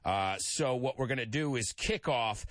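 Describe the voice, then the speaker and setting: A man's voice: mid-range voice, expressive, normal speed, fairly bright tone, no echo. A man hosting a radio show, reading listener comments aloud and teaching English idioms, with bits of Spanish mixed in. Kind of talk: lively radio show chat.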